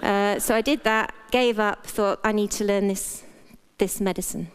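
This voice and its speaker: A woman's voice: mid-range voice, steady tone, moderate pace, smooth. A middle-aged British woman, a doctor, giving a frank, playful motivational talk in a conversational way. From Britain. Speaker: doctor and speaker.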